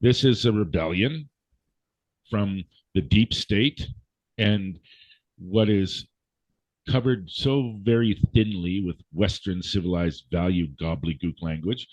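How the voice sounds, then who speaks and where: Deep-voiced man ranting with profanity. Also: slow, darkish tone, dry recording. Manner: profane, emphatic, lecturing. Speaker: guest speaker. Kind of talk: blunt ranting conversation. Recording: dull, dry lo-fi audio.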